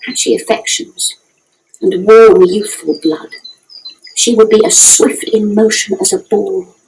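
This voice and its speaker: A woman's voice: medium pitch, steady tone, measured pace, creaky, a little mellow, rough recording. A woman voicing an eager young girl in love, pleading urgently for news in a radio play. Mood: impatient.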